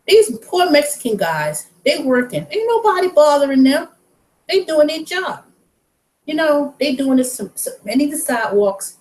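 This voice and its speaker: Animated woman telling a story. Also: high-pitched, normal speed, rough recording. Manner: animated and outspoken, with vivid quoted dialogue. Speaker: vlogger. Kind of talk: casual storytelling.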